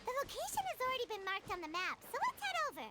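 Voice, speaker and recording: A woman voicing a tiny floating fairy companion in a video game, in a high, squeaky, bouncy voice. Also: wildly swooping pitch, rapid-fire, sharp tone, slight background noise, full character voice. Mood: chirpy. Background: game music.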